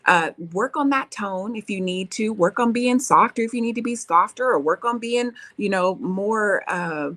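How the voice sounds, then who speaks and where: A woman's voice: mid-range voice, moderate pace, few pauses, fairly bright tone. A woman hosting a relationship advice talk, coaching listeners and reading viewer comments, often checking in with "right?". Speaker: relationship talk show host.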